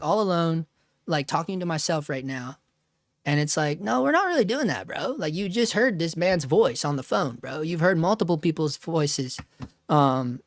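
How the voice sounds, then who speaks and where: A man hosting a live stream from home talks in a loose, rambling way, joking and laughing at himself as he goes. His voice sits a little high for a man. The sound is dry and close, with no room echo. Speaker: livestream host. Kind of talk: casual live-stream chat.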